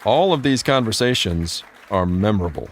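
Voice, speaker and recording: A man giving scripted podcast narration in a measured, even delivery. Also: fairly low pitch, a faint crowd, a little hiss or hum.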